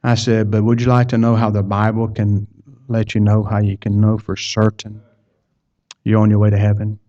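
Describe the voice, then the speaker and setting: A man's voice: fairly low pitch, completely flat delivery, moderate pace, dark tone. A man preaching a sermon, telling a personal story in a folksy way and repeating words as he goes. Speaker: pastor. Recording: dull lo-fi sound.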